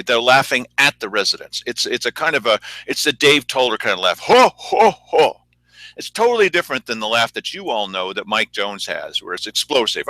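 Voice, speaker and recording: A man with a lively, swooping delivery and a bright, forceful tone mocks local officials in casual, sarcastic commentary. He laughs often and talks in a dry, close-miked studio sound. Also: mid-range voice, no room sound, poor audio. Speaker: local news show co-host.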